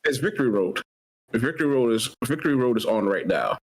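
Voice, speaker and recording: Husky, lively-voiced male guest. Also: mid-range voice, brisk. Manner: playful, loose slang, sing-song asides. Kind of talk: casual group chat.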